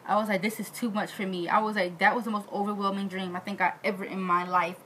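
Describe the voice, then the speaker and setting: A woman vlogging in a casual, animated way, acting out the quoted voices in her story. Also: quick pace, a little hiss or hum, low-quality recording. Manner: animated, acts out quotes with big pitch jumps.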